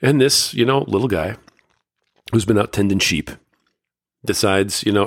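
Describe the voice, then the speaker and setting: A man's voice: lowish voice, normal speed, pauses often, no echo, studio quality. A man hosting a podcast, retelling an old story in a loose, conversational way with lots of fillers. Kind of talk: casual talk retelling a Bible story.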